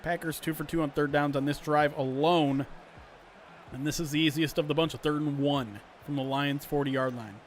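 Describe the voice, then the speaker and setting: Guy streaming a football sim, calling plays with excitement and chatting with chat, a bit higher voice, faint hum behind. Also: normal speed. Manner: animated play-by-play mixed with chatty asides to viewers; clears his throat often. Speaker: streamer doing play-by-play. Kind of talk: livestream sports play-by-play commentary.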